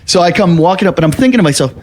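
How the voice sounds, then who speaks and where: A man's voice: sits high, animated, rapid-fire. A man telling a long story on a casual podcast, acting out the quotes and swearing freely.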